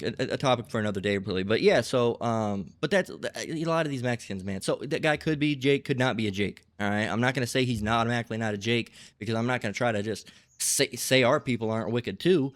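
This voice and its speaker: This religious teacher's medium-pitched voice comes through clean studio sound with no room sound. His lecture rambles, and he keeps ending points with "okay?" or "all right?".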